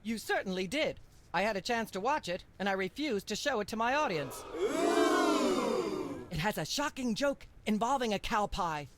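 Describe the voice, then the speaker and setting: A woman's voice: medium pitch, lively intonation, normal speed, background noise, lightly acted. Myra, a woman playing a smug talk show host. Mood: condescending. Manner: condescending, sanctimonious.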